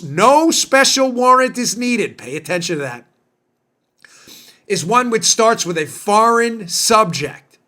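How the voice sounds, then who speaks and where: A man's voice: sits high, bright, forceful tone. A man hosting a political podcast, talking in an emphatic, indignant way with lots of rhetorical questions. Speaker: podcast host. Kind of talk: political commentary monologue.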